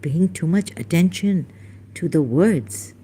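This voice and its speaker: A woman's voice: on the low side, animated, takes it slowly, mellow, slightly rough. A woman, rambling through a personal story in a meandering, self-interrupting way and mimicking how people pronounce words. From Pakistan. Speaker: vlogger.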